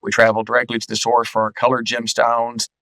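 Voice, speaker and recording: A man who owns a jewelry store, explaining his business in a measured, casual way. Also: medium pitch, completely flat delivery, pushed and bright, no echo, rough recording. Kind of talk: casual interview talk.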